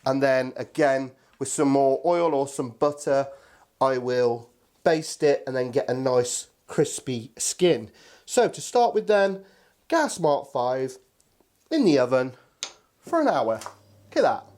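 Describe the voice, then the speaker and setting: A man's voice: mid-range voice, animated, takes it slowly, darkish tone. A man hosting a casual cooking video, chatty and enthusiastic, talking to viewers as his friends. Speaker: cooking channel host.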